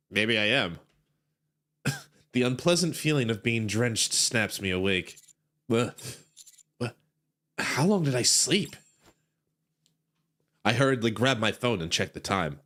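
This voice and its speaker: A man's voice: mid-range voice, a bit bright. A man streaming, casually reading a game story aloud, giggling, rambling and stumbling over words.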